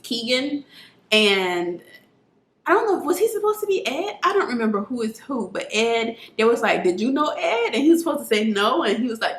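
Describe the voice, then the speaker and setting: A woman's voice: a little high, animated, normal speed. Chatty woman reviewing a film, roomy echo. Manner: chatty, filler-heavy, earnest. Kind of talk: casual movie review chat. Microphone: camera mic. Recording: roomy echoey room sound.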